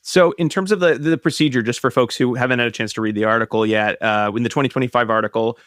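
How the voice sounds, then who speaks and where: A man's voice: mid-range voice, fast talker, a bit bright, no room sound, clean studio sound. A man co-hosting a podcast, talking casually and joking with his guests. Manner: casual, joking, thinks aloud with fillers. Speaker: podcast co-host. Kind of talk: conversational podcast interview.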